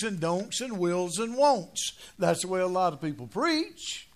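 An older man preaches in a folksy, joking way, his voice sitting high for a man. He drifts into low, quiet asides, then climbs to loud, punchy declarations when he drives a point home. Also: big pitch swings, measured pace, hardly any pauses. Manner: storytelling with jokes, swings from low asides to loud emphatic points. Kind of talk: folksy humorous sermon.

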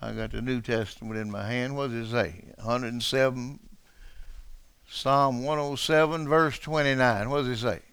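A pastor preaching a dramatic sermon to his church, dropping to a hush and then rising to shouts, calling out to people in the pews. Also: mid-range voice, fairly even intonation, normal speed, clean tone, no room sound. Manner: calls out to congregation members.

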